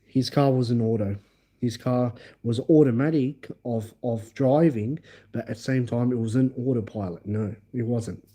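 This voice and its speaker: An Australian man livestreaming a rambling personal story to his viewers. His voice is very dark and mellow at a middling pitch, and he keeps circling back with repeated phrases and fillers. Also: normal speed.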